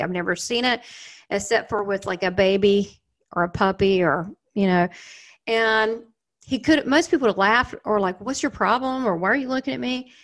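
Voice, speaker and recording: A woman's voice: mid-range voice, a bit bright. A middle-aged woman with a Southern US accent, hosting her own channel and telling a personal story in a chatty, rambling way full of fillers and asides. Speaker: channel host. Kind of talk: casual storytelling to viewers.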